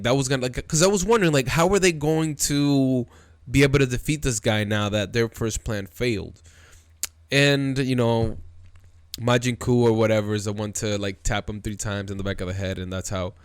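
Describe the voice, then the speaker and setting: Guy rambling excitedly about anime, lots of dude and bro, mid pitch, dry sound. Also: clean tone, no echo. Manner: excitable, slangy, calls viewers dude and bro. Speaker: video host. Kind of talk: casual anime commentary.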